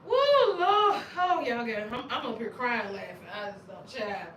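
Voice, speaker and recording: Lively woman, bright roomy sound. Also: medium pitch, normal speed, slight background noise. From Arkansas, USA. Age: middle-aged. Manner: animated, laughs often, loud exclamations. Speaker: channel host. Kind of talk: casual livestream chat. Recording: roomy sound, distant from mic.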